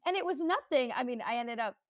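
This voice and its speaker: A woman hosting a podcast, telling personal stories in an animated, chatty way and laughing easily. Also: high voice, quick pace, dry recording, studio quality. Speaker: podcast host. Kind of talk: casual podcast conversation.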